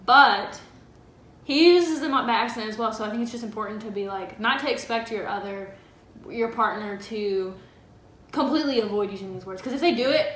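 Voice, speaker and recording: A woman co-hosting a casual advice chat with her partner, talking freely with lots of "like" and quick laughs. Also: fairly high pitch, a bit bright, echoey room, a little hiss or hum. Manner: chatty, laughs easily, filler 'like'. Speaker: co-host of a couple's channel.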